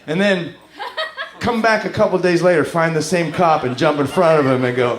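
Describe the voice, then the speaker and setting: A man doing a stand-up comedy set on a club stage with a full house, animated and quick to break into song and voices. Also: on the high side, crowd noise. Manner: animated, breaks into loud singing and character voices. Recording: roomy club sound with loud music.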